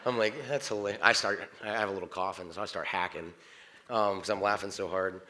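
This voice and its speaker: A man preaching a sermon, animated, swinging from loud exclamations to soft, quiet passages. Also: lowish voice, brisk.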